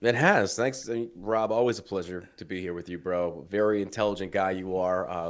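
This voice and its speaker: Fast-talking low-voiced male guest. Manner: emphatic, swears, acts out quotes. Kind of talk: casual chat.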